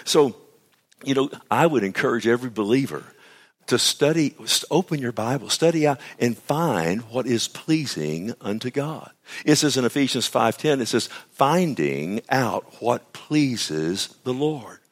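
A man preaching a sermon, swinging between loud, high bursts and low, hushed asides. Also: animated, normal speed.

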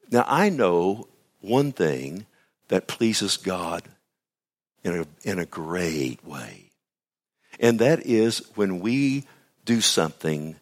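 A man preaching a sermon, swinging between loud, high bursts and low, hushed asides.

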